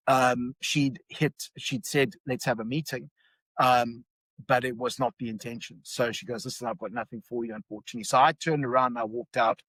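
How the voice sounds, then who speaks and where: A man's voice: mid-range voice, fairly bright tone, no room sound, poor audio. A middle-aged man from South Africa, a podcast guest, telling a personal story with many fillers and restarts. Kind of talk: storytelling in conversation.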